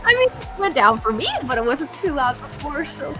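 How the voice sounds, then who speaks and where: A woman's voice: sits high, very animated, normal speed, music in the background. A young woman on a casual stream, giggly and emotional, gushing thanks to viewers. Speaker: guest streamer.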